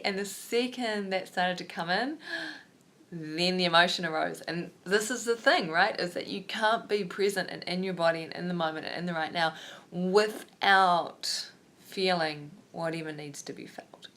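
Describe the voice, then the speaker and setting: Low-voiced New woman, candid. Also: a bit bright. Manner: open, reflective, meandering with many fillers. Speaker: yoga teacher. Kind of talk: candid personal vlog.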